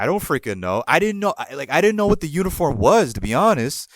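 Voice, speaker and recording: Male podcast host, fairly high voice, animated casual storyteller, dry close recording. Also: fairly quick, few pauses, no echo. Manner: animated, jumpy pitch, repeats and restarts.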